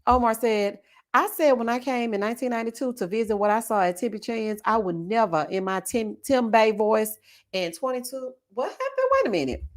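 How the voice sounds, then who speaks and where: Animated woman chatting on a livestream. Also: on the high side. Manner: animated, laughs loudly, drawn-out "child" and "honey" asides. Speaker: livestream host. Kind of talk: casual livestream chat reading comments.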